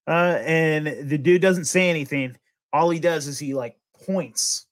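A young adult man telling a spooky story in casual chat, animated and full of fillers and laughs. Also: on the high side. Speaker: podcast host.

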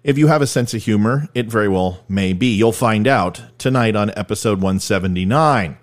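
A man's voice: fairly low pitch, normal speed. A middle-aged man hosting a podcast, delivering comedic political commentary in an irreverent, self-deprecating, joking manner. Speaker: podcast host.

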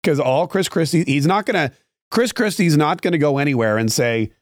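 Sarcastic man with a higher voice. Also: animated, fairly quick, no room sound, studio quality. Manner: sarcastic, rambling, with frequent restarts. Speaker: political podcast host. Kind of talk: opinionated political commentary.

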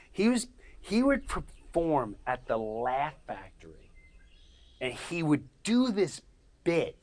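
A man hosting his podcast, telling stories in a casual monologue. He laughs as he goes and swings from loud bursts to quiet asides. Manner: animated, laughs mid-story, jumps between loud bursts and low asides; acts out other people's voices. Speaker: podcast host.

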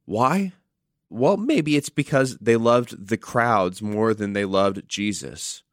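A man's voice: on the low side, animated, slow pace, dry recording, clean studio sound. A male pastor giving an earnest sermon, telling a story and reading scripture with dramatic emphasis.

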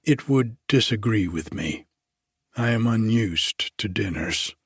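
A man voicing a pale, withdrawn male scrivener who speaks quietly and slowly in a storybook reading. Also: on the low side, expressive, slightly rough, no echo, clean studio sound, exaggerated voice.

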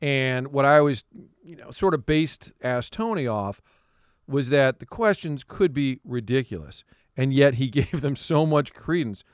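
A man tells an animated story on talk radio, laughing often and slipping into other people's voices. His voice is smooth and resonant. It is recorded close and dry on a studio microphone. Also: mid-range voice, unhurried, dry recording. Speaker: radio guest.

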